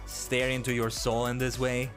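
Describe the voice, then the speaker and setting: A man streaming and chatting casually, animated and exclaiming, often correcting himself mid-sentence. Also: mid-range voice, normal speed, soft background music. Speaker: VTuber streamer. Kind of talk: casual stream chat and reactions.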